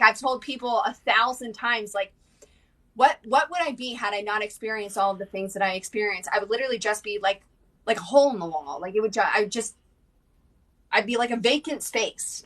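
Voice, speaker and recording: Blunt woman, bright, distant mic. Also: mid-range voice. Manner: blunt, emotional, frequent restarts and swearing. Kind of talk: candid personal conversation.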